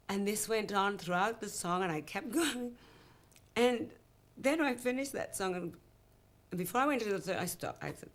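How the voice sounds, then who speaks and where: A woman with a Welsh accent telling stories of her singing career in an interview, lively and acting out the dialogue she remembers, with many asides of "you know". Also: medium pitch, normal speed. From Wales. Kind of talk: reflective interview storytelling.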